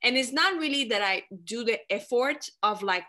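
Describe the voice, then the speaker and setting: Casting: French woman, light French accent, lively storyteller, bright and slightly high voice. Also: normal speed, hardly any pauses. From France. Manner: lively, animated storyteller, many fillers. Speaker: guest. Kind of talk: casual chat.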